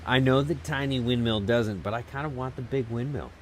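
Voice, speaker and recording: A man's voice: medium pitch, fairly quick, a little hiss or hum. A man streaming a video game, rambling to himself with casual commentary and frequent chuckles. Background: music.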